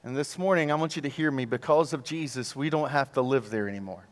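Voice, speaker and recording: A man's voice: mid-range voice, fast. A man giving a sermon as guest pastor, telling stories with humor and joking with the congregation. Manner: animated storytelling, jokes with the crowd. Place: large church auditorium. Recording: long hall reverb.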